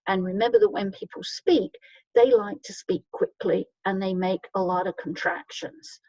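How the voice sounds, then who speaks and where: Patient woman English teacher, slows down for example sentences; dull, far-off mic in a dry room. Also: medium pitch, expressive, darkish tone, no room sound. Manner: patient, explains step by step, often checks with "okay?"; reads example sentences slowly and clearly. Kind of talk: grammar lesson for learners.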